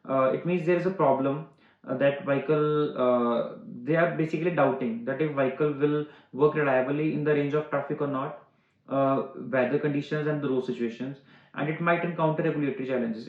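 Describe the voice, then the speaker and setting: Male exam tutor, fairly high voice, step-by-step explanations, frequent "uh" fillers, roomy slightly dull recording. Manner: explains step by step, restating words in simpler terms. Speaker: IELTS teacher. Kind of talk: online exam-prep lesson.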